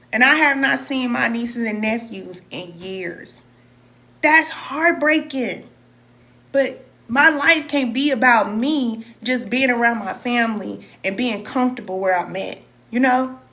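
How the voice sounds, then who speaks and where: A middle-aged woman with a bright, forceful voice, a little higher than most, speaks in a casual live-stream chat. She talks to her viewers with heartfelt emotion, reads their comments and calls them cousin as a spiritual wellness teacher.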